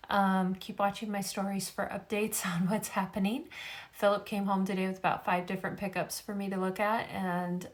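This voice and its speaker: This middle-aged vlogger talks to camera about faith in a medium-pitched, slightly bright voice. She's earnest but worn out from a migraine, and her talk wanders, full of fillers.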